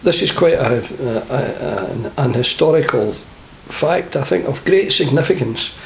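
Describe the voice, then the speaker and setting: A man's voice: medium pitch, animated, a little slow, vocal fry, slight background noise. An older man with a Scottish accent, a former footballer telling humorous anecdotes in an interview and laughing along. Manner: chatty, humorous, laughs at his own stories. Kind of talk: anecdotal storytelling.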